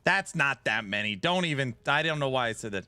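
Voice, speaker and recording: A man's voice: medium pitch, animated, brisk, bright, forceful tone, clean tone, dry recording. A man streaming a game build, chatting casually with his viewers in a self-mocking, talk-back way. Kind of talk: casual live-stream chat while gaming.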